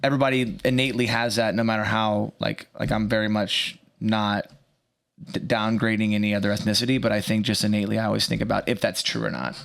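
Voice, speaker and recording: Rambling young man, halting podcast chat. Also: fairly low pitch, little pitch movement, gravelly, fairly bright tone. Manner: rambling, halting, with many fillers and restarts. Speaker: podcast co-host.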